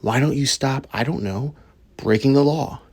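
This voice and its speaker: A man's voice: medium pitch, normal speed, darkish tone, slightly rough. Blunt scolding male commentator. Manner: blunt and scolding, addresses the viewers directly. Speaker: reaction video host. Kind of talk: commentary on a clip.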